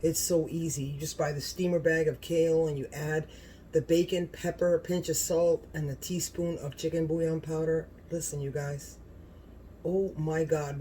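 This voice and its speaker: A home cooking channel host talks to the camera in a casual vlog, gushing and exclaiming often about the food. The voice is medium in pitch with a dark tone, over slight background noise.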